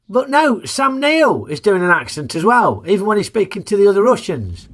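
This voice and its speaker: A man's voice: high voice, big pitch swings, a little fast, hardly any pauses, fairly bright tone. A man, hosting a casual, jokey film review in a chatty, plain-spoken way.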